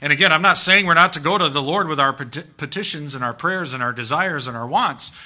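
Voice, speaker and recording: A man preaching a sermon as pastor in a church, emphatic and animated, firing off rhetorical questions. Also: fairly high pitch, quick pace. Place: church sanctuary.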